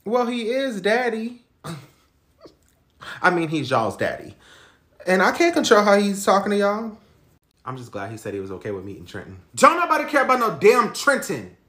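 A man's voice: high-pitched, huge pitch swings, normal speed, pauses often, bright, forceful tone, echoey room, voice pushed up, exaggerated voice. A man doing a brash, sassy mom. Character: loud, sassy single mother, woman.

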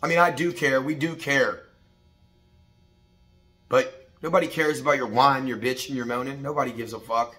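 Profane, bright-voiced man giving a pep talk. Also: medium pitch, fairly even intonation, normal speed, pauses often. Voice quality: profane, blunt, street-casual. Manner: preachy, repetitive, rising to shouted pep talk. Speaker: motivational vlogger. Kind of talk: morning motivational talk to camera.

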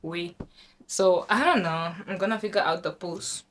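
A young woman from Namibia chatting casually in a vlog, excitable and talkative, with sudden high squeals. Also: normal speed, slight background noise. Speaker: vlogger.

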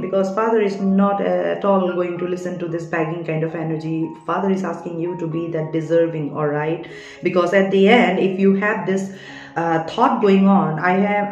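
Woman, lowish voice, earnest tarot-reading monologue; roomy, dull lo-fi recording with faint music behind. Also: a little mellow. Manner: earnest, keeps checking in with "all right?". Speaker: tarot card reader.

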